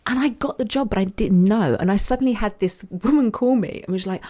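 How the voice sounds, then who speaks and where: A woman's voice: medium pitch, mellow. A woman with a South London accent, a podcast guest telling her story in a chatty way and acting out the voices she quotes. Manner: chatty, quick asides, acts out quoted voices. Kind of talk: casual storytelling interview.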